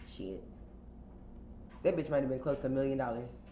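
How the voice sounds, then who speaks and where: A woman with a low voice spins a casual storytime for a podcast. She talks in a chatty, candid way, full of fillers and swearing. The sound is roomy and a bit dull, with faint hiss behind her. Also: normal speed, pauses often, dark tone. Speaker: podcast host telling a story.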